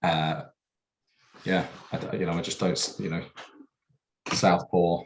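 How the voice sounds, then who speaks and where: A man's voice: sits low, flat delivery, unhurried, slight background noise. A man co-hosting a casual podcast chat, hesitant with many fillers and restarts. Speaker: podcast co-host.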